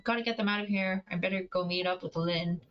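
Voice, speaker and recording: A woman's voice: lowish voice, steady tone, fast, highs cut off. A woman streaming a video game, chatting casually, reading game dialogue aloud and swearing at the screen. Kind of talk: casual let's-play commentary. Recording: game music playing under the voice. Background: game music.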